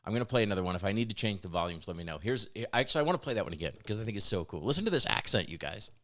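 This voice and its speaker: A man's voice: fairly low pitch, expressive, very fast, fairly bright tone. A man hosting a weekly developer livestream, talking chattily and enthusiastically in casual announcements, often laughing. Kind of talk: casual live-cast announcements.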